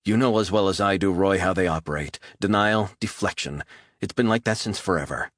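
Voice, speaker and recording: A man's voice: deep voice, brisk, a bit bright, dry recording, clean studio sound, pitched above the performer's own voice. A man voicing a blunt, impatient female FBI agent in an audiobook thriller. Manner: blunt, demanding. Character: tough FBI woman, impatient.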